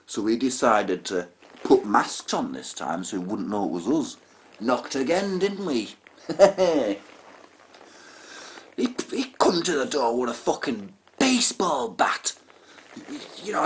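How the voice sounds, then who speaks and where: A man's voice: mid-range voice, sing-song, unhurried, a little hiss or hum. A man telling a profane comic story, with chatty asides and laughter. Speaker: comedian.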